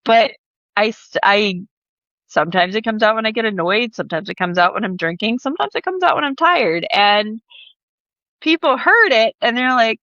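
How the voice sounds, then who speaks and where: A woman's voice: on the high side, expressive, normal speed, bright, forceful tone, dry recording. A woman from the American South, a guest author in a casual podcast interview, talking bluntly with lots of laughter and a mostly toned-down Southern accent. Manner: chatty, blunt, laughs often. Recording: dull, slightly lo-fi audio.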